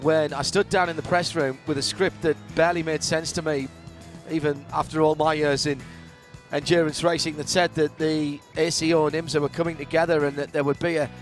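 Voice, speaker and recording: A man hosts live race coverage from a booth above the track, his voice sitting high. He builds his lines in an expansive, lyrical way. Faint music plays underneath. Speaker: race broadcast host. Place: commentary booth above a racetrack.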